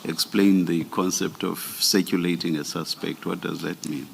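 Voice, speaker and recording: A man chairing a formal hearing, asking questions in a measured way and repeating words as he thinks. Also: sits low, fairly even intonation, vocal fry, a little hiss or hum.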